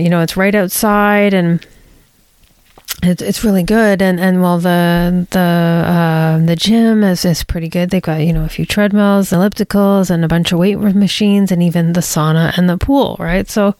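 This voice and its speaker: Woman, podcast host, casual solo monologue, halting, many restarts, candid, dry recording. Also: lowish voice, a little mellow, clean tone, dry recording. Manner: rambling, halting, many restarts and self-corrections; candid, confiding.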